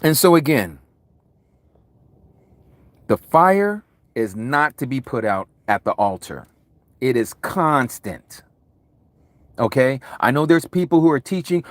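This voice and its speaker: A man preaching a Bible study sermon, loud and vigorous, with mounting intensity. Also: mid-range voice, expressive, slow, pauses often, dry recording. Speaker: Hebrew Roots Bible teacher. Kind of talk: impassioned livestream sermon.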